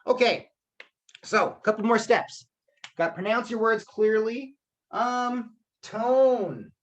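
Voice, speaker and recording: Heard through lo-fi sound, a man with a high voice takes it slowly while teaching public speaking over a video call. He stays upbeat and voices the characters in his examples.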